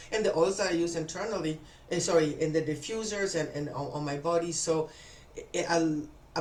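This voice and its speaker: A woman with a fairly low voice hosts a casual live stream selling essential oils, sounding chatty and enthusiastic as she thanks viewers by name and responds to their comments. The audio has a roomy quality.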